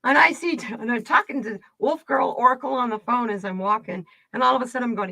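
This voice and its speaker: A middle-aged woman from the United States chatting casually with her stream viewers, telling animated stories and laughing often. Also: fairly high pitch, fairly quick, gravelly, few pauses, no echo. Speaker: livestream card reader host. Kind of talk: casual storytelling chat.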